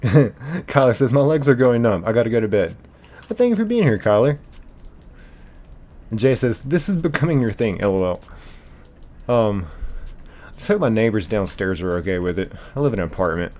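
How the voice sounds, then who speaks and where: A man hosting a casual live stream, reading viewer comments aloud in an animated way, laughing easily and thanking viewers by name. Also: fairly low pitch, moderate pace, long pauses. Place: apartment bedroom.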